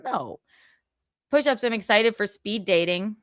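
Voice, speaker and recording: A woman hosting a casual livestream, reading viewer comments out loud in a brash, profane, giggly way. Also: mid-range voice, animated, unhurried, dry recording, studio quality. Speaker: livestream host.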